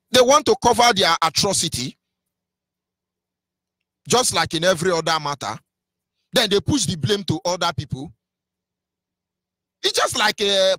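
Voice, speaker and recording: A man's voice: high-pitched, bright, forceful tone, no echo, clean studio sound. A man with a Nigerian accent giving an impassioned live radio monologue, scornful and mocking, slipping into Igbo phrases. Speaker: radio broadcaster.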